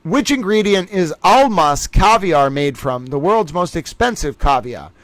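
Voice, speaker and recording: A man runs a casual livestream trivia game, calling out players and scores as he chats with viewers. His voice sits a little high. The sound is dry and close, with no room echo. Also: a little slow. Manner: lively, reads out names and scores, chatty with viewers.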